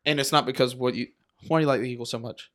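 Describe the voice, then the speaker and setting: A young man co-hosting a sports podcast, swearing a lot, laughing and mimicking fans in sudden loud bursts. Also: mid-range voice, steady tone, very fast. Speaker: podcast co-host. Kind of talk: casual sports chat.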